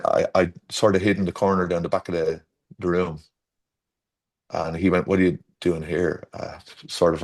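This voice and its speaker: A middle-aged Irish man with a very low-pitched voice, chatting as a guest about his design work. He tells long, winding stories, doubling back on his words and jumping up in pitch whenever he acts out what someone said. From Ireland. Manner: rambling storyteller, restarts, acts out quotes with shifting pitch. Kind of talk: casual conversational interview.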